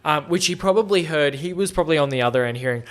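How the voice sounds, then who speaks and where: A young podcast host with a quick, fairly bright, higher-pitched voice tells a rambling, self-deprecating story in casual conversation. He acts out both sides of the exchanges he describes.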